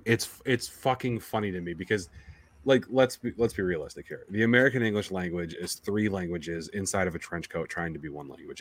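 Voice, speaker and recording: A man with a very low, deep voice chats casually on a podcast. He rambles from one joke to the next, swears freely and often restarts his sentences. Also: fairly bright tone. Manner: rambling, profane, joking, with frequent restarts. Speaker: podcast co-host. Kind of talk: casual chat.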